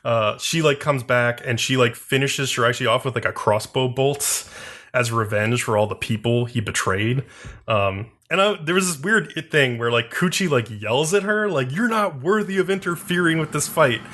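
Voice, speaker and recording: A man's voice: medium pitch, moderate pace, pushed and bright. A man casually recapping an anime episode on a podcast, rambling with lots of fillers. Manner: rambling, heavy use of "like" and fillers. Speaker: podcast co-host.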